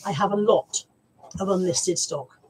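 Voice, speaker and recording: A woman's voice: mid-range voice, unhurried, husky, low-quality recording. A middle-aged woman chatting casually on a live stream, reading out viewer comments and talking about her resale stock. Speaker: vlogger and reseller.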